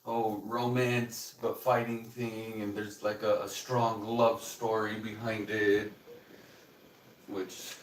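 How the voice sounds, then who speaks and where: Laid-back low-voiced man, off-mic. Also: little pitch movement, slow, recorded from a distance, slight background noise. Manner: laid-back, hesitant, with fillers. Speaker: guest. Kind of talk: casual chat. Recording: echoey room, off-mic.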